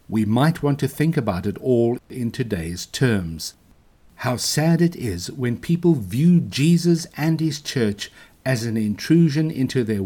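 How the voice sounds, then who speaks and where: A man preaching a sermon in a measured, earnest way, ending in a prayer. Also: medium pitch, dark tone. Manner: measured, earnest preaching with slow emphatic questions. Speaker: pastor.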